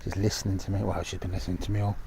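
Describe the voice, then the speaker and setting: A man training sheepdogs outdoors and filming on his phone. He calls out loud, firm commands and praise to the dogs, then drops to a soft, low voice for asides to the camera. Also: flat delivery, rapid-fire, vocal fry, background noise. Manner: calls dog commands loudly, then talks softly to camera. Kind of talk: casual training vlog.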